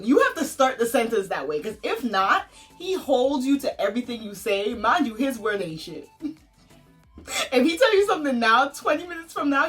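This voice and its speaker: A woman's voice: on the high side, a bit bright. A woman hosting a couple chat vlog, sarcastic and teasing, laughing often. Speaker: vlog host.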